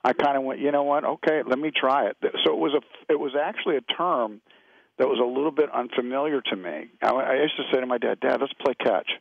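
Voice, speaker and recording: A man's voice: medium pitch, brisk, gravelly, no echo. A middle-aged man from California, a guest actor telling rambling, laid-back anecdotes in a radio interview. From California, USA. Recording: dull lo-fi radio audio.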